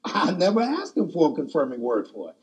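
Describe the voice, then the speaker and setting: A man's voice: a little high, wildly swooping pitch, a little fast, slightly rough. A man preaching a sermon, telling a personal story in a folksy, colloquial way.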